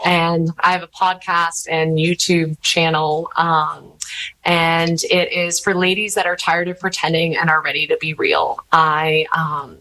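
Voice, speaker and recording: A rambling woman in her thirties with a drawl, chatting openly as an interview guest. She tells stories in a lively way and jumps into the voices of the people she quotes. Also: sits low, unhurried, poor audio. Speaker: podcast host, interview guest. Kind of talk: candid conversational storytelling.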